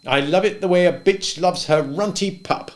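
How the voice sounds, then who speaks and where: A man voicing a wry, stubborn old male farmer who speaks gently and thoughtfully, a bit louder than his narration. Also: high voice, normal speed, voice pushed up, lightly acted. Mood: wistful.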